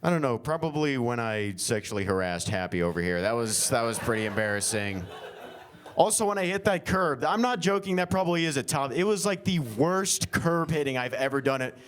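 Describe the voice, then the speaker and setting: A man's voice: mid-range voice, expressive, fairly quick. Rambling young male stand-up comic. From Oklahoma. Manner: rambling, filler-heavy, self-deprecating. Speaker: stand-up comedian. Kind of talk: improvised stand-up set. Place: winery comedy show.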